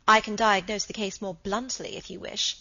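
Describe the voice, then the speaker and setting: A woman reading as a smooth young doctor. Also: a little high, animated, brisk, a bit bright, pitched above the performer's own voice. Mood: persuasive. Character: young, smooth, professional Edwardian doctor, a man. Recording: slightly dull recording.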